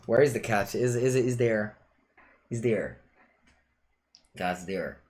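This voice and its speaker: Slow and a little mellow, this man's low-leaning voice carries casual commentary as he plays a digital card game. He's playful and talkative, stopping every so often to speak to his cat.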